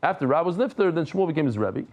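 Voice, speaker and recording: Animated man teaching a Talmud class. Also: on the high side, quick pace. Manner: animated, conversational, mixes Hebrew and Aramaic terms into English; humorous asides. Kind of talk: daily Talmud class lecture.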